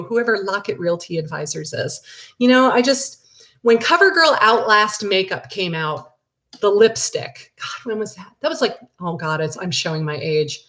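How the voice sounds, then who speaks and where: A middle-aged woman talks other agents through her weekly routine in a loose, chatty class. Her voice sits mid-range and jumps up when she gets excited. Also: normal speed. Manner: chatty and animated, with big excited jumps in pitch. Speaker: real estate agent teaching a class. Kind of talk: casual live class, answering viewer questions.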